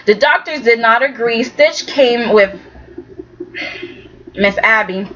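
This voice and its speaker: Woman, chatty soap recapper, higher voice, slightly muffled home recording. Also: measured pace, pauses often, pushed and bright. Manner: chatty, retells scenes as loose quoted dialogue with many "okay?" tags. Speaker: soap opera recap vlogger. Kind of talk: casual chat recapping an episode. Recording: dull lo-fi sound with faint noise.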